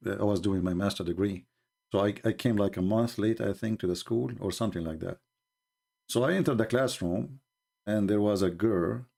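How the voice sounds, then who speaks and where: Sarcastic man with non-native English. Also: gravelly. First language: not English. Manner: sarcastic, mocking, animated retelling with bursts of laughter; pitch jumps high for mocking quotes. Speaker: religious commentator. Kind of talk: mocking monologue.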